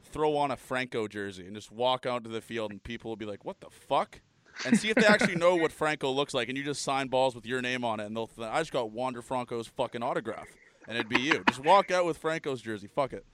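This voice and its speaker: Young man, rapid speech, brash and excitable, swears a lot, podcast host. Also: medium pitch, a little hiss or hum. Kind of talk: casual podcast chat.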